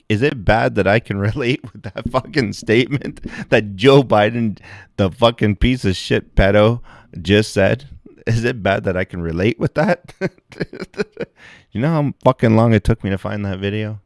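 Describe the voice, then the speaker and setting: A man's voice: medium pitch, no echo, clean studio sound. A man streaming and reacting to videos in crude casual chat, swearing constantly. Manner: crude, heavy swearing, laughing.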